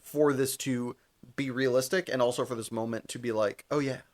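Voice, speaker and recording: A young man, a podcast co-host, retelling a TV episode in casual chat, animated, laughing and swearing freely. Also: mid-range voice, moderate pace.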